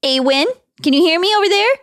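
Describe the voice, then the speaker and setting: A woman playing a tabletop role-playing game, animated and insistent with the others. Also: very high-pitched, quick pace, dry recording, studio quality. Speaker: player.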